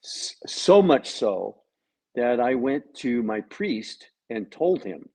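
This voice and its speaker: His mid-range voice swings widely in pitch and is mellow with a breathy edge as this actor speaks slowly in a video-call interview about his role. He jokes and tells anecdotes quoting others' lines in a casual chat. The recording is rough.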